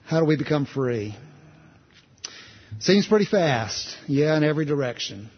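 A man's voice: on the high side, lively intonation, measured pace, big-room sound, lo-fi sound, slight background noise. A man preaching a sermon in a conversational, storytelling way, restarting phrases as he goes.

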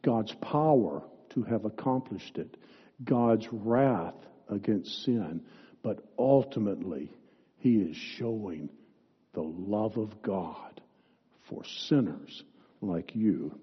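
A man preaching a sermon as pastor, speaking in an earnest, deliberate way, recorded in a church sanctuary on a dull lo-fi recording with long reverb. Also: fairly low pitch, slightly rough.

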